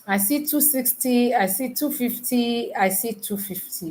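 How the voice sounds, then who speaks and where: A woman tutoring nurses in a live online lesson, teasing her students and quizzing them with repeated questions, counting aloud slowly. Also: on the high side. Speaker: nursing exam tutor.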